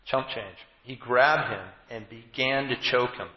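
A man preaching a conversational sermon, reading scripture and breaking off into joking asides and halting restarts. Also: mid-range voice, steady tone. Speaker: pastor. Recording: echoey hall, dull lo-fi, faint noise.

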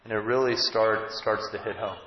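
A man preaching a sermon, telling the story conversationally and swinging between loud emphasis and hushed asides. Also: lowish voice, fairly even intonation, normal speed, background noise. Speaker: pastor. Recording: echoey hall, dull sound.

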